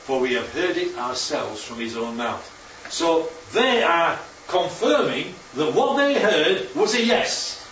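A man's voice: a little high, animated, takes it slowly, hardly any pauses, fairly bright tone, slight background noise. Man teaching Bible class, roomy and distant. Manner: chatty, checks in with listeners often. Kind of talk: informal Bible teaching with slides. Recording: roomy, distant, muffled hall recording.

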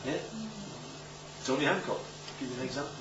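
In a noisy, roomy, distant and dull recording, a medium-pitched male preacher speaks a little quickly. His Bible talk is informal and conversational, and he frequently checks in with his listeners.

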